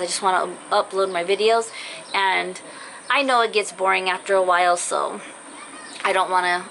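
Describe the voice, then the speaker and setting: Woman vlogger, young adult, bright tone, apologetic and earnest, voice cutting in and out, faint background noise. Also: medium pitch, poor audio. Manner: apologetic, earnest, rambling with fillers. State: voice cutting in and out after illness. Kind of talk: casual heartfelt vlog talk to viewers. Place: in a car.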